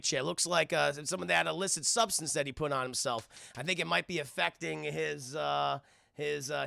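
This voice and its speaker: Gravelly, bright-voiced male streamer. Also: fairly high pitch, no echo, clean studio sound. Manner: profane, rambling, addresses chat constantly. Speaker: streamer and cartoon reviewer. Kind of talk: casual episode recap to live chat.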